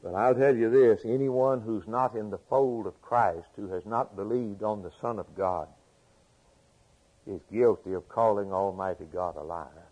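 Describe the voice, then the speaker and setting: A man's voice: on the low side, measured pace, darkish tone, slightly rough, low-quality recording. A man preaching a sermon, asking rhetorical questions and repeating phrases for emphasis.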